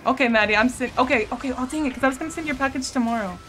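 A young woman with a high, slightly bright voice streams a game, chatting very fast and casually with her viewers. She giggles along with them and swears now and then.

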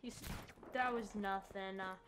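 A woman giving excitable let's-play commentary, yelping and chatting to the characters in her game. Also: medium pitch, measured pace, noisy background. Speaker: gamer.

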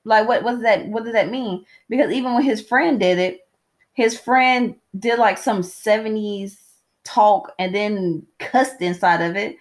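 A woman's voice: medium pitch, unhurried. Chatty woman co-hosting a movie podcast. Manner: chatty, laughs, searches for words. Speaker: podcast co-host. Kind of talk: casual movie review chat. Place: hot room at home during a power cut.

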